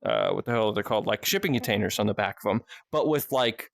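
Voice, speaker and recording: A man's voice: fairly low pitch, fast talker, vocal fry, no echo. A man telling a long story in a casual podcast chat, rambling and swearing heavily as he goes. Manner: rambling, heavy swearing, frequent restarts. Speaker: podcast guest or host.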